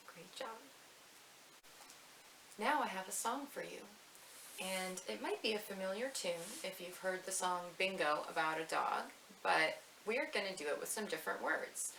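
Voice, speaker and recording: A woman leading a family story time at a library, chanting rhymes in a sing-song way, slowly for the snail and fast for the mouse. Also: mid-range voice, animated, gravelly, fairly bright tone. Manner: sing-song, reads rhymes slowly and quickly to match the words. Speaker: children's librarian. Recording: echoey room with faint hiss.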